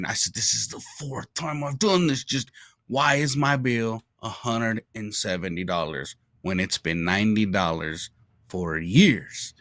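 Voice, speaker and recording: Cussing comedian ranting about customer service. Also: male voice, lowish voice, a little slow, a bit bright, dry recording, studio quality. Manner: profane, heated ranting with laughs. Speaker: comedian co-host. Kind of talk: casual live-stream banter.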